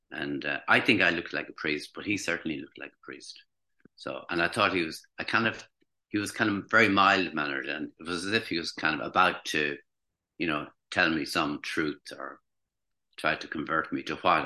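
Very deep-voiced older man, reflective. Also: bright, forceful tone. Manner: reflective, hesitant, with restarts. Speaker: former teacher recounting recovery. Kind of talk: personal storytelling.

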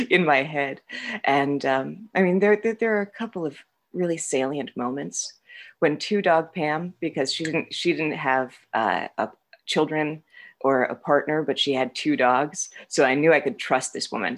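A woman with a low voice talks through her own past in a candid, rambling way. She mocks herself and keeps breaking into laughter mid-sentence. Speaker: guest sharing a recovery story. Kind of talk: candid personal storytelling.

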